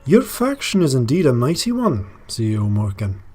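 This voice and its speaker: A man voicing a proud, formal woman leader in a put-on Scottish accent, reading game dialogue aloud in measured diplomatic phrases. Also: medium pitch, huge pitch swings, a little mellow, breathy edge. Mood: formal, stern.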